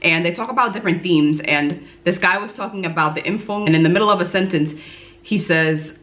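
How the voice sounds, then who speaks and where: A woman's voice: on the low side, a bit bright. Chatty young woman vlogging. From New York. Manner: chatty, self-deprecating, quick. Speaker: YouTuber teaching German. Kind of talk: casual vlog explainer.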